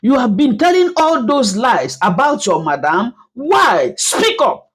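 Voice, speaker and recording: A woman's voice: fairly high pitch, sing-song, measured pace, a little hiss or hum, pitched above the performer's own voice. A woman voicing an indignant woman who confronts someone in a raised, accusing voice.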